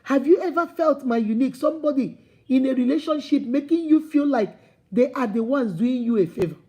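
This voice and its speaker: A woman relationship coach giving an animated, preachy vlog talk, speaking straight to her viewers as sister and brother and acting out quoted dialogue. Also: high-pitched, a little fast, muffled recording. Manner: acts out quoted dialogue in playful voices. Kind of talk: motivational vlog talk to camera.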